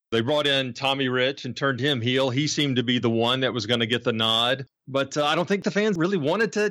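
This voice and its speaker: A male podcast host telling history in a relaxed, casual way. His voice sits at a middle pitch and is recorded dry and close. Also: no room sound. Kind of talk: conversational wrestling history podcast.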